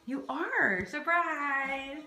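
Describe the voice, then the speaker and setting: Slow, chatty woman, bright voice. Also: sits high, faint music behind. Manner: chatty, rambling, many fillers. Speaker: athlete hosting a livestream. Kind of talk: casual livestream chat. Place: room at home. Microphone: phone livestream. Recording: roomy home recording.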